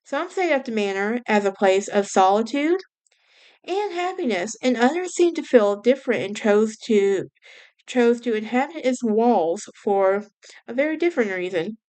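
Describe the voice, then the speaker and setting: A woman's voice: fairly high pitch, expressive, normal speed, a little mellow. A woman with a Southern US accent, hosting a podcast and chatting about a haunted house with a casual, self-correcting manner. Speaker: podcast host.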